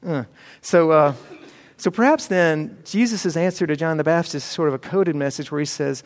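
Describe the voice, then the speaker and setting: A man's voice: a little high, moderate pace. A man teaching a Bible class in a conversational, explaining way, thinking aloud as he goes, recorded in an echoey hall.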